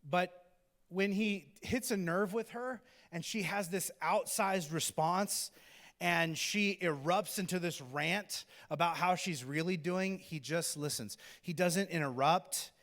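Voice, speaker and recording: A male pastor preaching a sermon in a casual, animated, conversational way, sometimes acting out the people in the story. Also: high-pitched, slow pace. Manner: conversational, animated, acts out characters. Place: church auditorium. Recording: long hall reverb.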